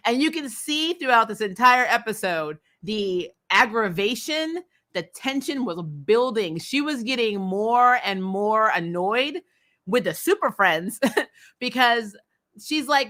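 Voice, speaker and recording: A woman talks through a TV episode in a loose, chatty way, full of fillers and quick laughs. Her voice is bright and a little tense, and she sounds openly exasperated and opinionated as she goes. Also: a little high, expressive. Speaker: host. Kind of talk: casual TV episode recap.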